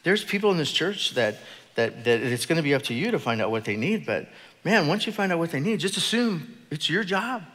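A middle-aged man preaching a sermon in church, telling a story with halting, repeated words. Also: a little high, animated, fairly bright tone. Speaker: pastor. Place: church sanctuary. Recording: echoey church hall.

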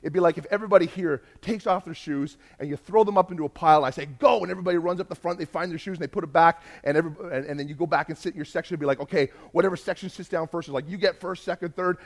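A man preaching a sermon, telling a lively mission-trip story and acting out the other people's voices. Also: on the high side, rapid-fire, hardly any pauses. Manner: animated, acts out quoted voices, laughs while telling.

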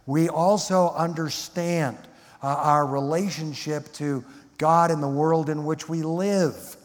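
A man's voice: fairly high pitch, steady tone, takes it slowly. A man teaching a Bible lecture in a sermon style, emphatic and fond of rhetorical questions. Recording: long hall reverb.

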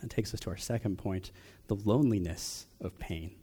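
A young adult man preaching a personal sermon, asking question after question with long pauses. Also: lowish voice, mellow, breathy edge. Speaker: pastor.

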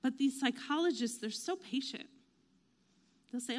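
Woman chatting about faith, kinda high voice, lots of likes and ums, acts out little quotes. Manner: chatty, self-deprecating, many fillers; quick, animated acted-out quotes. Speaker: devotional speaker. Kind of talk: casual faith talk.

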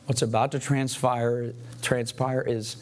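A man's voice: medium pitch, flat delivery, takes it slowly, a little hiss or hum. A man preaching a sermon, retelling scripture dramatically and acting out the quoted lines. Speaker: pastor.

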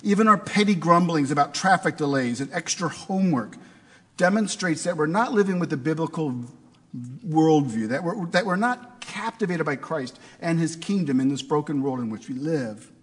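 A man's voice: on the high side, animated, normal speed, slightly rough, long reverb tail. A man preaching a sermon in a conversational way, asking his listeners rhetorical questions. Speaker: pastor.

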